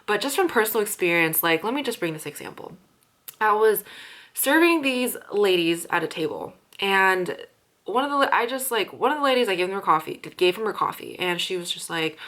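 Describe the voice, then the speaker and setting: A woman's voice: mid-range voice, expressive, a little fast, a bit bright. A young woman who works as a restaurant server, ranting casually with lots of swearing and fillers. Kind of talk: casual chat.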